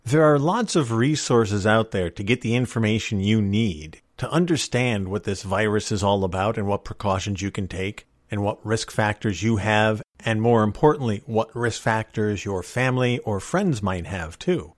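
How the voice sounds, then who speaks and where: A man's voice: lowish voice, normal speed, hardly any pauses, dry recording, studio quality. A middle-aged man hosting a solo podcast, talking in a folksy, opinionated and wry way. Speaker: podcast host.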